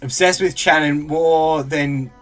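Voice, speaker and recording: A man with a high, light voice chats away casually on a live stream while he opens card packs. He reads out viewer comments and laughs easily, with faint music playing behind him. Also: steady tone, slow, fairly bright tone. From Australia. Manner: chatty, laughs a lot, reads out chat comments.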